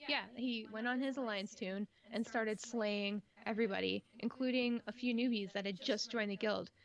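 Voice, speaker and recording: Co-hosting a casual podcast, a woman tells a gaming story in an animated way, packing it with filler words, especially "like." Her voice is on the high side at a moderate pace, and the recording's highs are cut off.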